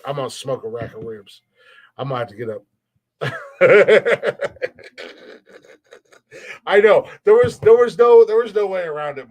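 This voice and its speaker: A man from the United States hosting a comedy podcast, chatting casually and playfully, teasing and mocking himself. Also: fairly high pitch. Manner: playful, joking, self-mocking. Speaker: podcast host.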